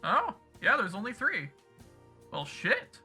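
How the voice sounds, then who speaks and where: A male streamer with a very bright, slightly higher voice rambles casually as he wraps up, swearing freely and thinking aloud. Faint music plays behind him. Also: huge pitch swings, takes it slowly, slightly rough. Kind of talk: casual end-of-stream chat. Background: music playing in the background.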